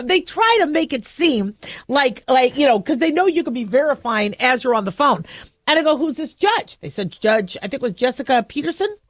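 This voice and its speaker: A middle-aged woman hosting a talk radio show, telling a story in a lively way and acting out both sides of a phone call. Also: high-pitched, dry recording, studio quality. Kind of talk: casual talk radio monologue. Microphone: studio microphone.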